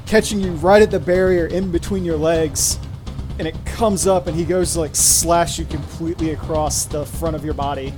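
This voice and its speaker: A man narrating a tabletop game as game master, in a laid-back way with many fillers and pauses. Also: fairly high pitch, fairly even intonation, over music.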